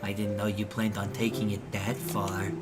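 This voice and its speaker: A man's voice: lowish voice, monotone, normal speed, close to an everyday voice. A man voicing the easygoing teenage boy protagonist of a visual novel, reading his lines casually over game music. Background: background game music.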